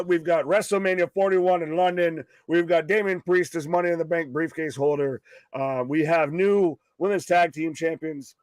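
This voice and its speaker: Co-hosting a live wrestling stream, this man speaks in a higher-pitched voice at a moderate pace, with no room sound in the recording. He's casual, excitable and profane, swearing a lot and cutting in over his co-host.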